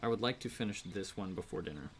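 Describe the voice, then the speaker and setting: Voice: sits low, expressive, quick pace, heavy background noise. A streamer chatting casually while drawing, playful and rambling, often breaking into song. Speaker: streamer and artist. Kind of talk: casual live-stream chat with singing. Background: rain and piano ambience.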